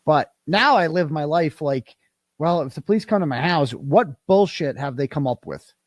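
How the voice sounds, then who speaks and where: A man's voice: fairly high pitch, animated, moderate pace, dry recording. A man anxiously recounting something in casual talk and swearing often.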